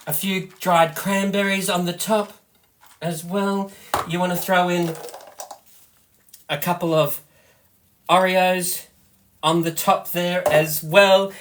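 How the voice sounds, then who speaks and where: An Australian man hosting a live cooking demonstration, chatty and excitable, often giggling as he talks to viewers. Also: sits high, noisy background. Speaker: host, product seller.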